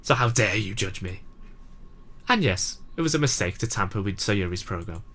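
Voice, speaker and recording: A man's voice: lowish voice, expressive, normal speed, a bit bright. A man voicing a proud, remorseful teenage girl club president, emotional and tearful, in a fan reading of a game. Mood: defensive. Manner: emotional, breaking into tears.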